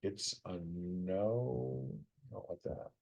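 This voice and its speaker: Speaking very slowly in a low, husky, mellow voice with vocal fry, a weary middle-aged streamer yawns and murmurs as he works through a puzzle. The recording sounds muffled, and he casually teases whoever set the puzzle.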